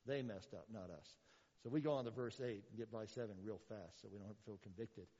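A man preaching a sermon as pastor, animated, with rhetorical questions and sarcastic asides. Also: fairly low pitch, a little fast, husky, in a large hall, dull audio.

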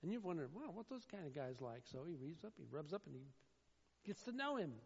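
A man preaching a sermon, swinging between loud, emphatic declaiming and quieter asides. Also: on the high side, big pitch swings, brisk, creaky, breathy edge. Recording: dull sound in a reverberant hall.

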